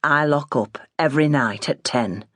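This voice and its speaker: Woman putting on a gruff old farmer dad, growly and scornful, odd changed tone. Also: a little high, moderate pace, pushed and bright, dry recording, studio quality. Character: gruff stern older farmer father.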